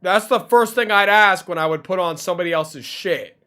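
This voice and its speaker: A man's voice: high voice, normal speed, pushed and bright. Slangy young man reacting casually. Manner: loose, slangy, exclaiming. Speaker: reaction video host.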